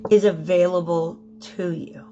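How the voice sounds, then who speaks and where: A woman's voice: on the low side, fairly even intonation, a little slow, highs cut off, music in the background. A woman giving a casual spoken tarot reading, chatty and prone to repeating herself, often checking in with "okay?". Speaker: tarot reader.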